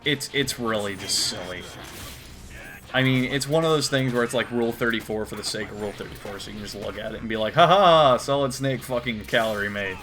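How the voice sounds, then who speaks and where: A man's voice: lowish voice, quick pace, pushed and bright. A man doing comedic commentary while reading a comic aloud, crude, profane and exasperated. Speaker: YouTuber.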